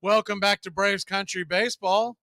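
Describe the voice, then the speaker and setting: Guy calling a ball game, kinda high voice, gets hyped on the big hits. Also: moderate pace, creaky, heavy background noise. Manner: excitable on big plays, chuckles at the action. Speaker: play-by-play announcer. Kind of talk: live baseball commentary.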